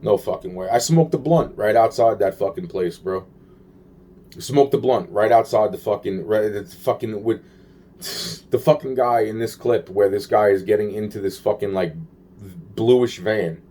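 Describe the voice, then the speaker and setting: A man's voice: on the low side, a little slow, mellow. A man rambling to camera in a profane, agitated monologue, repeating himself and trailing off.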